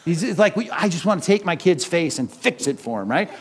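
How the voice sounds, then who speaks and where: A man's voice: on the high side, sing-song, fairly quick, husky. A middle-aged man, a pastor with kids, preaching a conversational sermon full of rhetorical questions.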